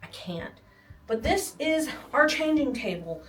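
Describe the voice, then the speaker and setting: A pregnant young vlogger gives a casual, rambling tour of a small nursery at home, poking fun at herself and sometimes running out of breath. Her high, sing-song voice is a little slow and a bit bright. The distant, roomy recording picks up air conditioner hum and faint music.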